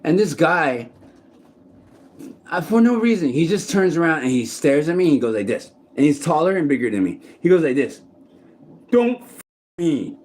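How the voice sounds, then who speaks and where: A man's voice: fairly high pitch, animated, fairly quick, a little mellow. A man talking casually to the camera in a rambling, profane monologue full of restarts, recorded outdoors in a city park. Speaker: vlogger.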